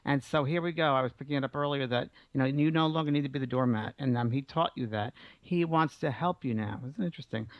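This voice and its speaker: Male radio medium, gravelly and warm, coaxing a caller through a reading; dull lo-fi broadcast sound. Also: medium pitch, fast talker, few pauses, no echo. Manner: warm, reassuring, relays messages from spirits. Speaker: psychic medium radio host. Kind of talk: call-in reading.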